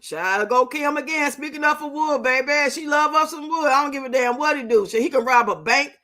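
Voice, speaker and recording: Bright high-voiced woman roasting on stream. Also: fairly quick. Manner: loud, profane, laughing and teasing, reads out chat comments. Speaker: livestream host. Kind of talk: casual live-stream chat reacting to a reality show.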